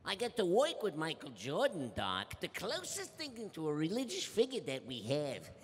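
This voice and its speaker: A man's voice: a little high, huge pitch swings, moderate pace, in a large hall, pitched above the performer's own voice. A man voicing a wisecracking, cocky male cartoon rabbit on a convention stage. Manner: cocky, joking.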